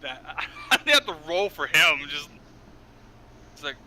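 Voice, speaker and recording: A man with a very bright, higher voice leads a tabletop game as game master, talking slowly and unhurriedly. He stumbles over his words and corrects himself now and then, with a faint hiss of noise behind him. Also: sing-song. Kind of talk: running a tabletop game online.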